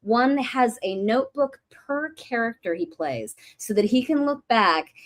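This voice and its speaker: A woman's voice: fairly high pitch, animated, a little slow. A woman who mentions her acting teacher, a guest on a livestream, talking in an enthusiastic and gushing way. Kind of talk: casual chat.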